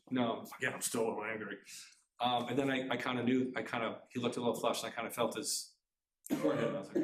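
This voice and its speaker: A middle-aged man telling a personal family story to a live audience, talking fast and earnestly, often restarting his sentences. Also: medium pitch, steady tone. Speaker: author giving a talk. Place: community center room. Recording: roomy hall sound.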